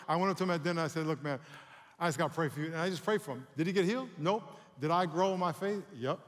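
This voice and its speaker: Pastor guy preaching, lively and calling for amens, big echoey hall. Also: high voice. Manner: animated preaching, calls for audience responses. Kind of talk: sermon.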